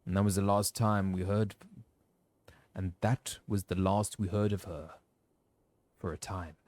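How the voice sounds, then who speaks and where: A man voicing a gentle older frontier villager. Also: sits low, fairly even intonation, measured pace, dry recording. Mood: wistful. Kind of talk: reading game dialogue aloud.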